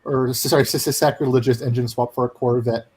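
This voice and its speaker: A man's voice: medium pitch, steady tone, fast talker, a little mellow, breathy edge. A man chatting casually on a live stream, stumbling over repeated words. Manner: stammering restarts.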